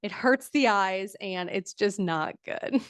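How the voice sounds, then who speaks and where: A woman's voice: medium pitch, slow, smooth, dry recording, clean studio sound. A woman teaching a live online design workshop, casual and chatty with lots of fillers like "um" and "like".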